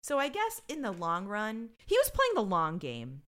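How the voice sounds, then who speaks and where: A woman with a mid-range voice talks at a normal speed as she co-hosts a podcast recapping a TV season. She's animated and jokey, chatting casually and swearing freely.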